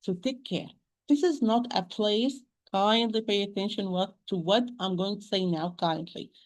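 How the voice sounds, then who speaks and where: A woman with an Arabic accent teaching Quran pronunciation, repeating sounds slowly and patiently to demonstrate them. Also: mid-range voice. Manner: addresses listeners as "my dear sister". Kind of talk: pronunciation lesson.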